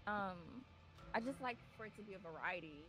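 A woman chatting casually while gaming with friends, relaxed and quick to laugh. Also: medium pitch, music in the background. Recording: loud background noise.

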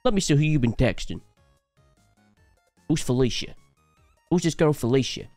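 A man's voice: mid-range voice, expressive, moderate pace, darkish tone, no room sound, faint music behind, lightly acted. A man mimicking a self-absorbed young woman in a mocking, exaggerated way.

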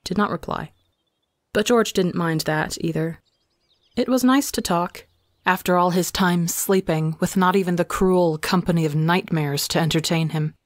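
Male reader for audio fiction; calm, measured delivery, dry close recording. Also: on the high side, no room sound. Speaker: fanfiction reader. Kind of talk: scripted narration.

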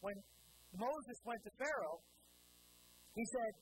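A man's voice: extremely high pitch, slow pace. A man preaching a sermon in church, who asks the congregation questions, answers them himself, and acts out the people in his stories. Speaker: pastor. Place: church sanctuary. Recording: steady mains hum behind the voice.

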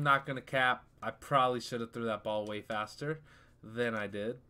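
A young man giving casual live commentary over his football video game, easily frustrated and trash-talking, breaking into sudden shouts. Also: medium pitch, moderate pace, clean tone. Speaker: gaming YouTuber.

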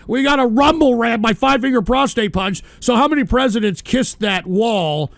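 Gravelly high-voiced man ranting as host. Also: moderate pace, no echo. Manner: profane, shouting outbursts, repeats "all right". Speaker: radio show host. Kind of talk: angry live-stream rant.

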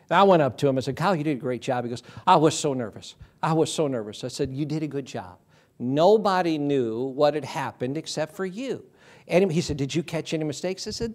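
A man's voice: fairly high pitch, darkish tone. A man in his fifties preaching a sermon as pastor, full of folksy anecdotes and acted-out quotes. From Michigan. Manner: folksy anecdotal storytelling, acts out voices in quotes. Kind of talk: sermon with storytelling. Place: church sanctuary.

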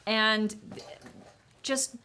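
A woman in casual onstage conversation, chiming in with quick, wry asides. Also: on the high side, fairly even intonation, bright, forceful tone. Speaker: panel guest.

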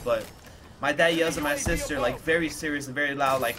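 A man's voice: fairly high pitch, fairly even intonation, normal speed, noisy background. A young man retelling a frightening childhood memory in a casual, emotional vlog style, with lots of fillers and swearing. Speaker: gaming YouTuber.

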